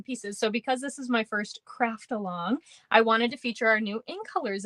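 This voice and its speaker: A bubbly woman leads a live craft demonstration, chatting easily and laughing often as she greets viewers by name. Her voice sits at a middle pitch and is recorded close and dry, with no room sound. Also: fairly bright tone, no echo. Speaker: craft class host.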